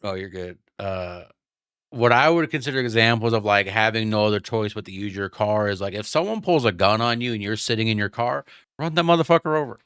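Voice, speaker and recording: A man's voice: fairly low pitch, fairly quick, clear, resonant tone, dry recording, clean studio sound. A man hosting a casual podcast chat, talking loosely with many fillers and restarts. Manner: relaxed, rambling with fillers. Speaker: podcast host.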